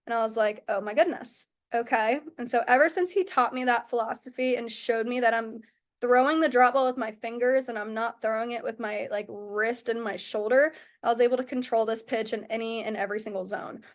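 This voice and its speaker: Young woman coach, kinda high voice, chatty and talky, keeps saying like. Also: steady tone, fairly quick. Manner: chatty, lots of "like" and "oh my goodness". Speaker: softball pitching coach. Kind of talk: casual coaching talk with storytelling.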